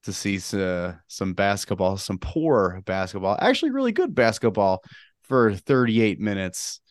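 A man with a lowish voice co-hosts a casual sports podcast. He rambles, jokes and laughs often. The sound is dry and close. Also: sing-song, normal speed, no room sound. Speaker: podcast co-host. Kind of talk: casual chat.

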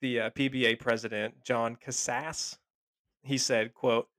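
A man's voice: medium pitch, little pitch movement, a little slow, fairly bright tone, no echo. A man co-hosting a podcast in casual chat, sarcastic and profane, laughing often. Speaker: podcast co-host.

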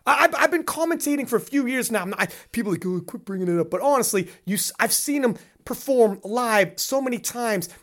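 A man co-hosting a casual podcast, talking in a rambling, animated way and laughing often. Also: very high voice, fairly quick, hardly any pauses. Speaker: podcast co-host.

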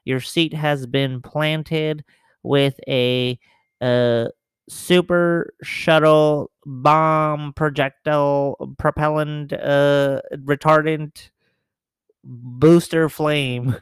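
A man playing a bumbling, smooth-voiced official. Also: fairly high pitch, fairly even intonation, very slow, no room sound, studio quality. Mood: officious. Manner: nervous, rambling, filler-heavy. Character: bumbling, apologetic male government security official. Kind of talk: improvised comedy sketch.

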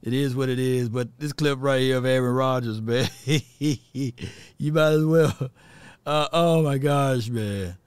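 Male call-in host: laid-back, chatty, smooth resonant voice, dry close sound. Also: medium pitch, slow, no room sound. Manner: laid-back, laughs often, says "man" a lot. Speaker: sports show host taking calls. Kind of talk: casual live call-in chat.

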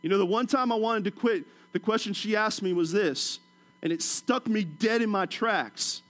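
A middle-aged male preacher from Washington, D.C., with a notably high-pitched voice. He preaches with chuckling, humorous storytelling and sinks into a hushed, low tone to drive his points home. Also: moderate pace. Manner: drops to a soft, low voice for emphasis. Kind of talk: sermon.

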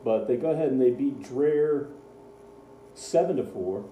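Dark-voiced man rattling off scores. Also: medium pitch, moderate pace, roomy sound, a little hiss or hum, low-quality recording. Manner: rattles off scores, dry sarcasm. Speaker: sports talk co-host. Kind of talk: casual radio sports chat.

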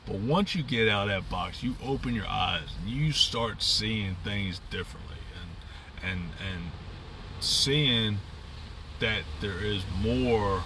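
Middle-aged male podcast host, rambling and upbeat, bright tone, off-mic. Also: lowish voice, recorded from a distance, a little hiss or hum. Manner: rambling, upbeat, with frequent fillers and restarts. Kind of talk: casual reflective monologue.

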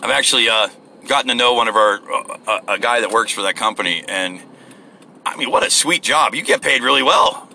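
A man's voice: mid-range voice, a little fast, bright, forceful tone, slight background noise. A man hosting his own podcast, rambling casually and profanely while driving to work. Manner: rambling, profane, self-deprecating. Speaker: podcast host. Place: in a vehicle.

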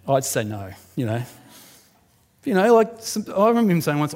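A man's voice: on the high side, big pitch swings, measured pace, pauses often. A man preaching a sermon and leading a closing prayer, talking in an earnest, conversational way with fillers and restarts. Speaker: pastor. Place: church hall. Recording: long hall reverb.

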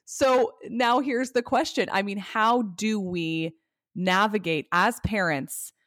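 A woman's voice: medium pitch, takes it slowly, fairly bright tone, dry recording, clean studio sound. A woman hosting a parenting podcast, speaking candidly and emotionally while asking questions. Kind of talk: casual podcast chat.

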